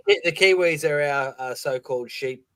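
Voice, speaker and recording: A man's voice: fairly high pitch, normal speed, pushed and bright, clean tone. A man in casual chat, joshing and trading banter with the others.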